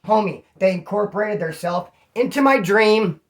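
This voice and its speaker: A man from California with a slightly hoarse voice, casually telling rambling stories to his channel's viewers. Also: high-pitched, animated, normal speed. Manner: slangy, rambling, calls listeners homeboy. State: throat issue, slightly hoarse. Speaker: vlogger. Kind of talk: casual storytelling to camera.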